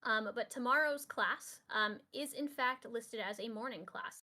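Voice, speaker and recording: A woman's voice: fairly high pitch, measured pace, sharp tone. A woman acting as game master, narrating a tabletop game in a casual, rambling way with many fillers.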